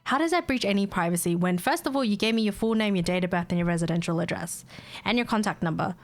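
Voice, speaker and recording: A young woman streamer chatting casually and telling a story, blunt and sweary, quick to mimic the people she talks about. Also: mid-range voice, soft background music. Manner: mimics callers and herself in quoted bits. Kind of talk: casual chat, venting a story.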